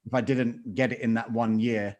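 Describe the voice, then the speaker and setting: A man's voice: medium pitch, fairly even intonation, normal speed, a little mellow, lo-fi sound. A man, a sports reporter on a panel, answering reflectively and trailing off at the ends of his lines. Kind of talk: panel discussion.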